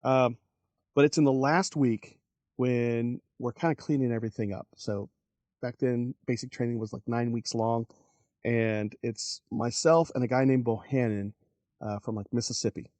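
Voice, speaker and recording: A man in his forties recounts his army days as a podcast guest, animated and quick to act out other people's lines. His voice sits at an ordinary middle pitch, and the recording is close and dry. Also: no echo. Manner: animated, acts out quoted voices, laughs while telling. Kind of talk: casual storytelling.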